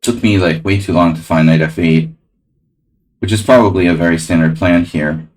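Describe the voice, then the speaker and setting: A man's voice: low voice, fairly even intonation, normal speed. A man casually commenting on his own chess game on a live stream, rambling and talking to his chat.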